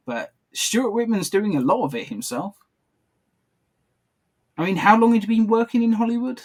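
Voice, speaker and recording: A man co-hosting a podcast, talking casually over a video call and often stopping to correct himself. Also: a little high. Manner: chatty, self-correcting, laughs often. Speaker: podcast co-host. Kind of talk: casual commentary chat.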